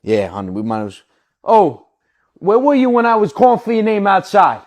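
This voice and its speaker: A cranky suburban father, as a man puts him on, cursing and grumbling at his household. His pitch rises a little above the typical man's and leaps around from low mutters to loud yells, in a comedy sketch reel. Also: wildly swooping pitch, normal speed, no echo. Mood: scolding. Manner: cursing, grumbling, barking at family. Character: loud, cursing suburban New York dad.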